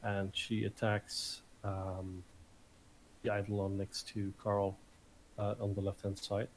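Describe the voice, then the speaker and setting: Slow flat guy at the table, kinda unsure, ums a lot. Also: on the low side, a little hiss or hum. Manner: hesitant, many ums and uhs. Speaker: player. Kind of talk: tabletop game play.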